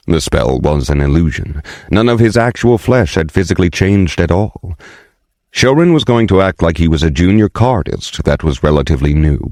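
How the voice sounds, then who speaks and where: A man narrating an audiobook fantasy story in a steady, measured way on a close studio mic. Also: sits low, no room sound.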